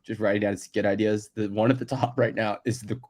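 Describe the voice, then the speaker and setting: Male co-host, lowish voice, chatty and laughing, loose podcast banter. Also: flat delivery, fairly quick, darkish tone. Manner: chatty, laughs easily, many "like" fillers. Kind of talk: casual podcast chat.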